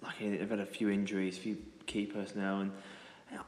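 A man's voice: fairly low pitch, completely flat delivery, fast, a little mellow. A man as a guest in a casual rugby chat, talking in a hesitant, thoughtful way. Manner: hesitant, thoughtful, stammering starts. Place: rugby clubhouse. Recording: roomy clubhouse echo with long reverb.

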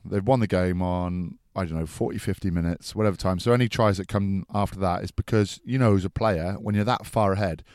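A man's voice: sits low, fairly quick, few pauses, darkish tone, dry recording, studio quality. A man, a former rugby player, co-hosting a casual chat with easygoing, teasing banter.

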